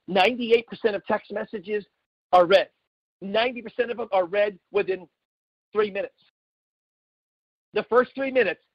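A middle-aged man from the United States giving an emphatic, repetitive sales pitch with folksy asides. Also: no room sound. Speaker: network marketing presenter. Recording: dull lo-fi sound.

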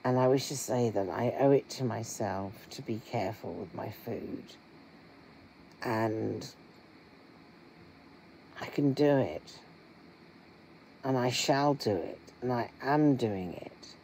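Middle-aged vlogger, real slow and halting, earnest, dark mellow voice. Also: medium pitch, a little hiss or hum, low-quality recording. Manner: slow, halting, earnest, with many pauses and fillers. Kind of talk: candid personal vlog talk.

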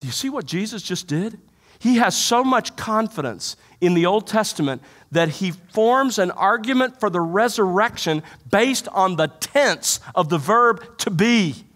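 High-voiced pastor preaching a sermon. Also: male voice, animated, measured pace, a bit bright. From United States. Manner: expository preaching, quoting and explaining scripture; emphatic, rhetorical questions to the congregation. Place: church sanctuary.

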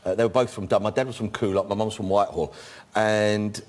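A man in his fifties with a fairly low voice, chatting as a guest on a talk show. He tells his stories in a cheeky, jokey way. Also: fairly even intonation, fast, a little mellow. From England. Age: 50s. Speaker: guest actor. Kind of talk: casual chat-show anecdote.

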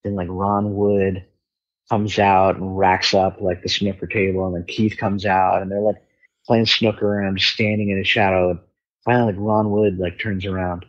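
A man guesting on a podcast, telling a story in casual chat, animated and swearing freely as he acts out other people's voices. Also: low voice, normal speed, muffled recording. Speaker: guest musician.

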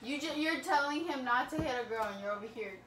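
A woman chiming in with quick, lively remarks in casual family talk. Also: high-pitched. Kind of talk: casual chat. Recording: roomy, distant, noisy.

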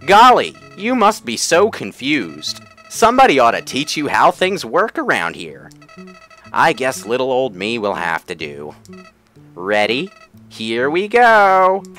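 A man's voice: mid-range voice, wildly swooping pitch, a little slow, sharp tone, soft background music, full character voice. A man voicing a cheery but menacing male flower creature with a Southern US drawl, during a game playthrough. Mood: sugary. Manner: sugary folksy drawl turning sinister. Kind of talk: video game let's play voicing.

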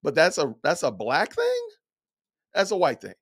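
A middle-aged man talks through an essay line by line, firing off folksy, incredulous questions. His voice sits a touch high for a man. It rises and falls a lot. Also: huge pitch swings, moderate pace, a bit bright. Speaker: commentator. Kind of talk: reading aloud and reacting to an essay.

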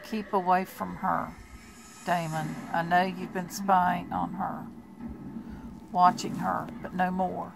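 A woman voicing a brooding young male vampire who delivers low, menacing warnings in a storybook reading. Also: flat delivery, slow pace, gravelly, background noise, full character voice. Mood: grim warning.

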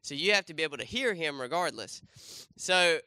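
A man's voice: on the high side, animated, brisk, bright, forceful tone, no echo. A young man preaching a casual sermon, talking to the congregation with lots of fillers and restarts and asking them questions. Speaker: pastor. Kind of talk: casual sermon with a volunteer demonstration. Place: church.

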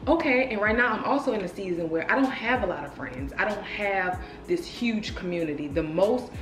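A woman's voice: mid-range voice, normal speed. A woman of thirty chatting casually and expressively to her viewers in a vlog from her apartment. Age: 30s. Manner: expressive, animated, talks straight to viewers. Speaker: lifestyle vlogger. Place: apartment room. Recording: roomy echo with music behind.

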